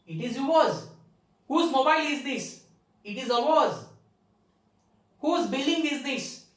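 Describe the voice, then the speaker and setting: Lady teaching grammar, high lively voice, says stuff twice. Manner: slow, repetitive, stresses key words. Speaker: English teacher. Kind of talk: grammar lesson. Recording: echoey room, far from the mic.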